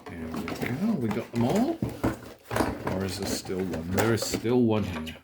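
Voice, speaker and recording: A man's voice: deep voice, big pitch swings, a little slow, heavy background noise. A man hosting a toy unboxing in a casual, chatty way, poking fun at himself as he works in his small home office. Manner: chatty, self-deprecating, talks while working with his hands.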